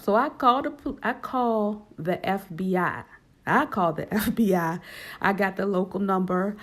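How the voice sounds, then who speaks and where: A woman telling a personal story casually and with animation, acting out quoted lines in a higher voice. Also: unhurried.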